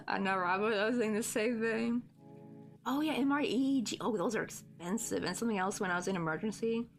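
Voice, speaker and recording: A woman's voice: fairly high pitch, brisk, faint music behind. A woman from the United States hosting a crochet livestream, chatting in a rambling, laughing way and reading viewer comments aloud.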